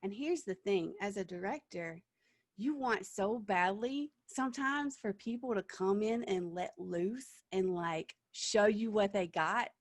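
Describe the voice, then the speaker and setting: A woman's voice: mid-range voice, unhurried, no room sound, studio quality. A woman theatre director giving practical audition advice in an online workshop, chatty and encouraging, with frequent fillers and small laughs. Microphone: video call.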